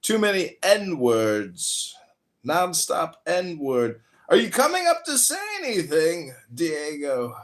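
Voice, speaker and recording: A man with a high voice teases in a theatrical, sing-song way, his pitch leaping all over. He talks slowly, drawing each phrase out for effect. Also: very animated. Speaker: voice chat participant.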